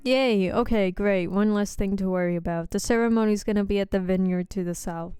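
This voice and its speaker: Girl reading an upbeat bride-to-be from a dating game, super smooth voice, dry sound. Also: mid-range voice, brisk, dark tone, dry recording, faint music behind, close to an everyday voice. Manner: chatty, upbeat. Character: cheerful young woman planning her wedding.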